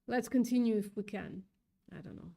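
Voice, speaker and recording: A woman's voice: mid-range voice, moderate pace, vocal fry, warm tone. A woman hosting a casual livestream, upset and thinking aloud, swearing often as she reads chat. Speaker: livestream host reading chat.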